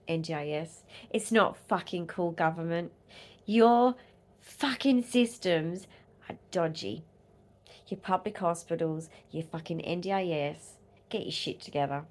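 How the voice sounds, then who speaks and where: A woman's voice: takes it slowly, long pauses. Furious Australian woman ranting on camera. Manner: furious, swearing, swinging between loud outbursts and low muttering. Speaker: vlogger and disability advocate. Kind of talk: angry vlog rant.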